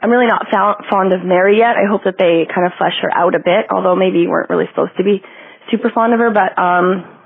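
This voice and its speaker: A woman's voice: medium pitch, quick pace, gravelly, breathy edge. A woman from Canada calling in to a podcast, talking chattily with many fillers. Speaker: caller. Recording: phone line.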